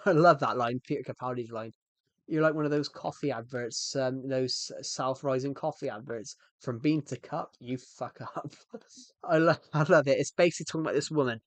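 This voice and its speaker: A man's voice: medium pitch, fairly quick, no echo. A man chatting on a live stream in a rambling, jokey way, often restarting his sentences. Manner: rambling, self-interrupting, jokey. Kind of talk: casual live-stream chat.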